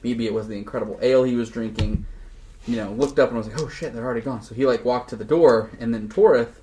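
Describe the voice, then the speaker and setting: Animated young man recapping a game. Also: mid-range voice, fast, a little hiss or hum. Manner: animated, jokey, slangy. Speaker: podcast host recapping a game session. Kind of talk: casual storytelling recap.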